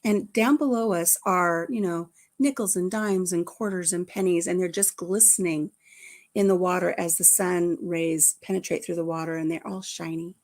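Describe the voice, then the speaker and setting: A woman's voice: lowish voice, fairly even intonation, moderate pace, a little mellow. An older woman and grandmother chatting casually to her viewers, telling a family story in a rambling way with frequent restarts. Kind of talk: casual chat.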